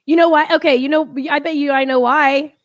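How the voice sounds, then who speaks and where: A woman's voice: high-pitched, steady tone, fairly quick, a little hiss or hum. A woman co-hosting a live stream, teasing her partner and laughing often. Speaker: co-host. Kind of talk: casual live-stream chat.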